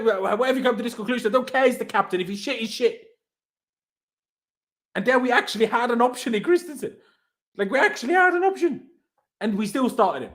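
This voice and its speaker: A man's voice: extremely high pitch, fairly bright tone. A young man hosting a football fan stream, ranting in exasperation and firing off rhetorical questions in casual chat. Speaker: host of a football reaction stream. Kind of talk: heated post-match fan reaction chat.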